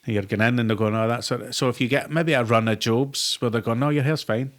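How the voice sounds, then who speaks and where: A man's voice: medium pitch, steady tone, fast, fairly bright tone. A middle-aged Glaswegian man in a casual interview, an actor who tells stories full of swearing and acted-out quotes. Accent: Glasgow. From Scotland. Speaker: actor guest.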